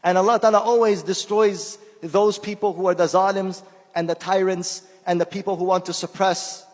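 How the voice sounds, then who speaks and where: एक आदमी अनौपचारिक धर्मोपदेश दे रहा है, बोलचाल के अंदाज़ में, शब्द दोहराते हुए और किस्सों में आवाज़ें निकालते हुए; उसकी मातृभाषा फ़ारसी है।. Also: male voice, sits high, steady tone, moderate pace. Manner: conversational, repeats words while searching, acts out quoted voices. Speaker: shaykh giving a talk. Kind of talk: informal sermon with anecdotes. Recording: long hall reverb.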